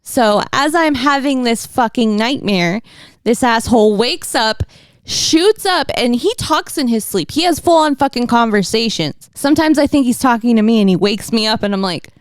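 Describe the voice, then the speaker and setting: A woman telling a story in casual chat, animated, laughing often and swearing freely. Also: fairly high pitch, normal speed, clean tone, dry recording.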